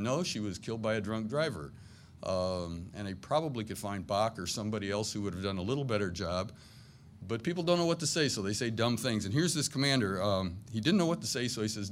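Conversational pastor preaching with dry asides. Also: male voice, mid-range voice, slight background noise. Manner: conversational, self-deprecating, jokey asides. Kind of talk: sermon. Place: church sanctuary with congregation.

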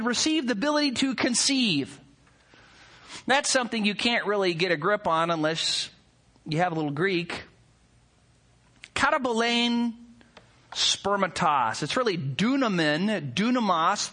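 A man's voice: very high voice, pushed and bright. A male pastor preaching a sermon that explains a text. He speaks emphatically, stresses key words and puts rhetorical questions to his listeners. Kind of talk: expository sermon.

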